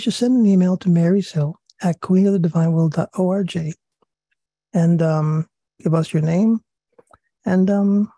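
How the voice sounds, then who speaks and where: Raspy-voiced man leading a religious study. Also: high-pitched, dark tone, dry recording. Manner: earnest, repeats himself, pauses with fillers. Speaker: study group leader. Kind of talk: religious study talk, reading and commenting.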